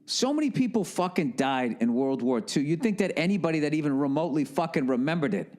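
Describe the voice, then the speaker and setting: A man's voice: on the high side, lively intonation, fast, hardly any pauses, darkish tone. A man hosting a podcast alone, telling a rambling comic monologue full of sarcasm, swearing and tangents. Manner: profane, sarcastic, tangent-prone. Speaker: podcast host.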